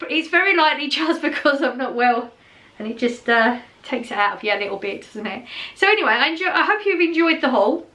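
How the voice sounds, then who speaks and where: Middle-aged woman, vlogger, relaxed rambling chat to camera, voice sitting a touch high. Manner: chatty and rambling, with many fillers and restarts.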